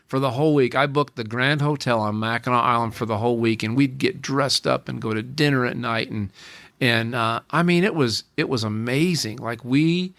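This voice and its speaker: A man's voice: medium pitch, moderate pace, vocal fry, a bit bright, no echo. A man in his forties, a podcast guest, telling a personal story in an earnest way, often repeating and restarting his phrases.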